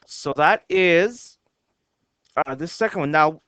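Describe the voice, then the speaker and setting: A man teaching a lesson, slowly counting the syllables of short poems and reading their lines aloud word by word. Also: a little high, fairly bright tone, clear, resonant tone, no room sound. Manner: slow and careful, reads lines out word by word. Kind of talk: explaining haiku syllable counts.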